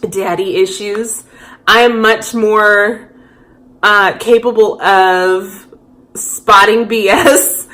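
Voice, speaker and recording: A woman's voice: medium pitch, a bit bright. Candid, reflective woman in her thirties. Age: 30s. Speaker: vlogger. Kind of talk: personal confessional vlog.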